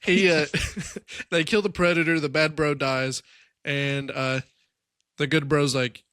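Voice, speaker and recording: A man's voice: a little high, little pitch movement, slow pace, fairly bright tone, no room sound, clean studio sound. Casual man retelling a movie plot. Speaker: podcast co-host. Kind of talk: casual chat.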